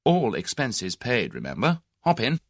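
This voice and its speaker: A man's voice: mid-range voice, wildly swooping pitch, a little slow, a bit bright, dry recording, clean studio sound, voice pushed up, exaggerated voice. A man voicing a cheerful, breezy young Englishman in an audiobook of a mystery novel.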